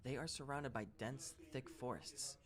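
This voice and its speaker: A man narrating first-person scary stories in a steady, even read-aloud delivery. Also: medium pitch, unhurried, a crowd in the background. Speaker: story narrator.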